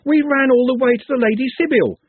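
A man's voice: a little high, huge pitch swings, normal speed, slightly rough, no echo, pitched above the performer's own voice, exaggerated voice. A man voicing a blunt, street-smart young man who talks casually. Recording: tinny phone-like dry audio.

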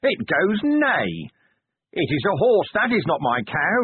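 A man voicing a battered, delirious grown man who drawls slowly and breaks into high, wailing cries. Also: huge pitch swings, slightly rough, no room sound, heavily acted. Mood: dazed. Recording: phone-like lo-fi audio.

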